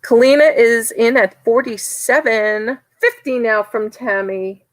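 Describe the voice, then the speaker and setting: A woman's voice: on the high side, fairly even intonation, a little slow, rough recording. A woman with a New York accent calling a live online auction, chatty and teasing bidders by name.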